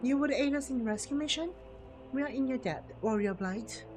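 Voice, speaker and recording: A man's voice: extremely high pitch, a little fast. Guy doing a serious young soldier woman from a game, formal old-timey talk, game music going behind. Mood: urgent. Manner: formal, old-fashioned phrasing. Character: earnest young woman resistance soldier, urgent. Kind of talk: reading game dialogue aloud.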